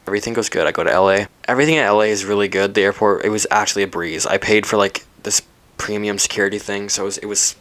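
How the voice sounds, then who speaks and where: A man's voice: low voice, a bit bright. A young man from British Columbia, hosting his own podcast and telling a rambling, candid story, full of fillers, restarts and swearing. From Canada, British Columbia. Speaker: podcast host. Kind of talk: casual solo podcast storytelling.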